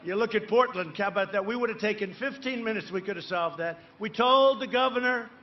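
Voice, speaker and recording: A man's voice: high voice, fairly quick, lo-fi sound. A man giving a campaign rally speech to a crowd, rambling and boastful, with repeated asides, tag questions and sudden emphatic bursts. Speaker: political candidate addressing a rally crowd.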